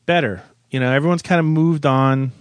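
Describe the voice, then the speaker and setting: A man's voice: fairly high pitch, fairly quick, no room sound. A man co-hosting a comedy podcast, ranting in exasperation over his gripes. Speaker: podcast co-host. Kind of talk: comedic rant about a film.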